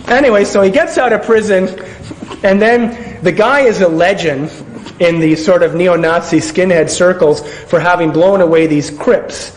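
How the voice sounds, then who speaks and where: Sarcastic man with a high voice. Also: slight background noise, poor audio. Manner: sarcastic, with frequent restarts. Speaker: commentator. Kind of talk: film commentary monologue.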